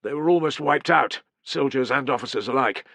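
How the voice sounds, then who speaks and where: A man voicing a shaken, grim Roman centurion delivering bad news in a low, urgent way in an audiobook. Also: fairly quick, creaky, fairly bright tone, no echo. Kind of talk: audiobook character reading.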